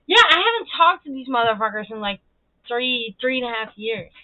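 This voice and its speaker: On a laid-back livestream, a female host tells stories and chats, cursing without restraint and laughing a lot. She speaks at a normal pace in an expressive, higher-pitched voice, with no room sound and a dry, thin, phone-like quality.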